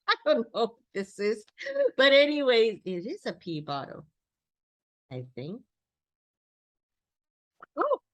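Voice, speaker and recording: A woman sits outdoors talking to her camera in an unhurried, rambling way, full of "like" and "you know" fillers. She laughs often between thoughts and keeps a middle-pitched voice. Her vlog pace stays slow and easygoing. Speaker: vlogger. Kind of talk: casual reflective vlog monologue. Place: sitting outdoors.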